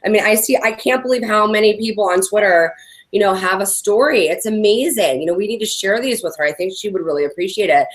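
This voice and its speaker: A woman's voice: mid-range voice, quick pace. A woman from the Bay Area with a Californian accent, co-hosting a casual chat and filling her speech with "like" and "you know". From San Francisco Bay Area. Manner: chatty, heavy use of "like" and "you know". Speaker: podcast co-host.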